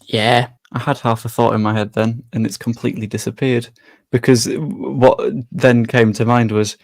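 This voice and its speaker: A man's voice: mid-range voice, moderate pace. A man, co-hosting a casual football podcast in a rambling, chatty way that often doubles back on itself. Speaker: podcast co-host.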